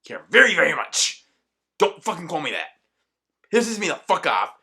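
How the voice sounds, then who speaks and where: A man's voice: a little high, wildly swooping pitch, normal speed, vocal fry, pushed and bright, breathy edge. A man delivering an angry, profanity-laced ranting monologue as a vlogger.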